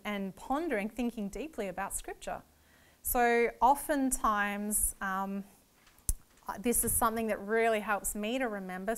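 A woman's voice: fairly high pitch, clear, resonant tone. A woman giving a Bible teaching lecture, explaining each point earnestly and step by step.

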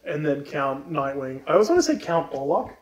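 A man's voice: fairly high pitch, very animated, brisk. A man co-hosting a podcast, casually retelling a book in an irreverent, profane way. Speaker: podcast co-host. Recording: roomy echo.

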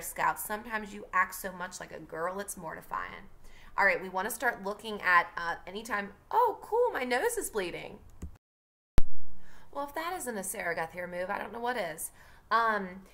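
A woman's voice: mid-range voice, bright, forceful tone. A young woman teacher reading a novel aloud and chatting casually to her students between passages. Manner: chatty, filler-heavy asides. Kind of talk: audiobook reading with classroom asides.

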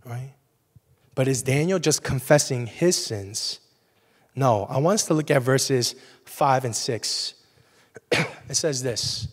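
A man's voice: mid-range voice, slow pace, long pauses. Young male pastor preaching in a hall. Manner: conversational, frequent "right?" asides. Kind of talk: sermon. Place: church sanctuary. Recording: long reverb of a church hall.

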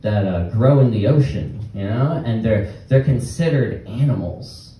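A young man doing a rambling stand-up set with halting restarts and nervous laughs before a small live audience. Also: fairly low pitch, expressive, warm tone. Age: young adult. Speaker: stand-up comedian. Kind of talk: open-mic stand-up set. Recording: very echoey room, distant mic, faint noise.

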